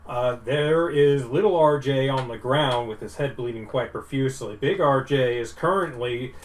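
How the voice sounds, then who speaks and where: A man narrating as game master of a tabletop game, relaxed and quick to laugh. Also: medium pitch. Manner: relaxed, laughs often, lively delivery. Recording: voice a bit off-mic, faint background hiss.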